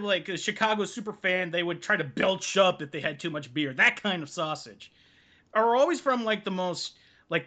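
A woman's voice: fairly low pitch, fairly bright tone. A woman co-hosting a podcast in casual chat, ranting animatedly with lots of swearing. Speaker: podcast co-host.

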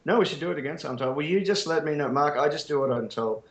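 An Australian man on a podcast chats casually, rambling and wryly mocking himself, his speech packed with ums and uhs. His slightly high voice is animated and fast, and the room has a noticeable echo.

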